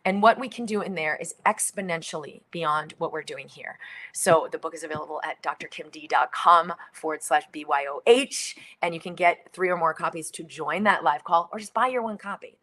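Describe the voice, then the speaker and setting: A middle-aged woman hosting a book launch livestream, reading and talking in an animated way with some whispered moments. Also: sits low, a little fast. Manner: animated, acts out little quoted voices, drops to near whispers.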